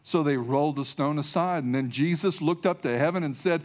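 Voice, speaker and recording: A man's voice: fairly high pitch, brisk. A man preaching a sermon, emphatic, repeating key phrases and calling out hallelujah.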